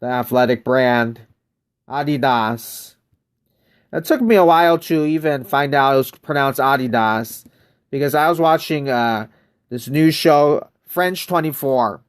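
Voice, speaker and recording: A man's voice: a little high, normal speed, clear, resonant tone. An American man chatting casually on a live game stream, greeting viewers by name and wandering through loose, rambling asides. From United States.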